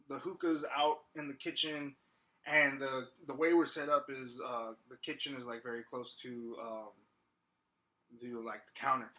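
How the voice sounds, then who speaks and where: A man's voice: medium pitch, fairly bright tone. A young man from Texas, a podcast co-host, telling a story casually with lots of fillers and restarts. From Texas, USA.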